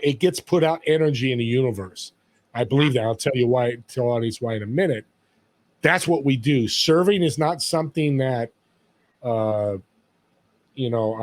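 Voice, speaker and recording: A man's voice: mid-range voice, dry recording. A man on a podcast as a guest, talking in an emphatic, storytelling way about serving others. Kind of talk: motivational interview talk.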